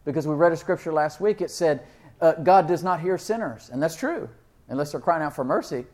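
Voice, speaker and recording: A man preaching a sermon, reading scripture slowly and asking his listeners questions, with loud emphatic peaks and frequent laughs. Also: a little high, lively intonation. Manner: reads King James verses slowly and deliberately; asks the congregation questions and laughs often.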